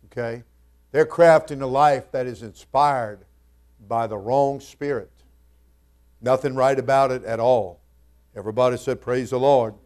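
A male pastor delivering a sermon at a medium pitch. He talks casually and thoughtfully, then builds to loud, emphatic stretches as he reads scripture in old-fashioned wording. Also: a little slow, pauses often. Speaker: senior pastor.

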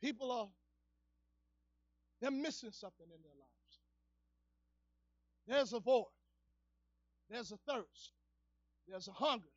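A male evangelist preaching a church sermon, dropping to low murmurs and then rising into fervent shouting, captured on a dull, lo-fi recording. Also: takes it slowly, long pauses, no echo. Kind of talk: fiery preaching. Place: church service.

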